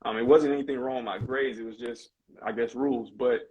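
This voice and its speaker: Appearing on a podcast, a former player turned basketball coach recounts his story conversationally, candid, animated and full of casual slang. He speaks briskly in a mid-range, somewhat mellow voice with fairly even intonation, and the recording sounds muffled.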